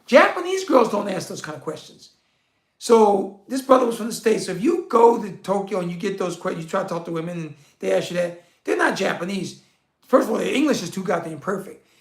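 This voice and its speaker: A man hosts a relaxed livestream and reads viewer comments aloud. He answers in loose slang and laughs often. His voice sits a touch high, and the room around him echoes. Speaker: livestream host reading chat. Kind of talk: casual livestream chat.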